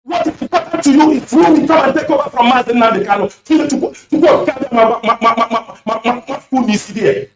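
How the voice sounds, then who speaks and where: Over an echoey, distant lo-fi phone line with a little hiss or hum, a man calls in to a radio show in an extremely high voice. He speaks quickly with hardly any pauses, fiercely accusing and heavily repetitive in his impassioned rant.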